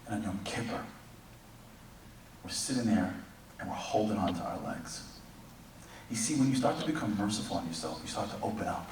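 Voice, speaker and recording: A man's voice: on the low side, animated, normal speed, long pauses, a little mellow, slight background noise. A man giving a sermon, telling stories with animation and acting out the voices in them. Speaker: preacher. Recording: echoey hall from far off, faint background.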